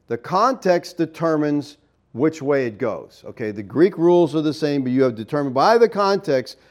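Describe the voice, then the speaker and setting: Man teaching a sermon, fairly high voice. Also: animated, normal speed. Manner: explanatory, checks in with "okay?" often. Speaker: preacher.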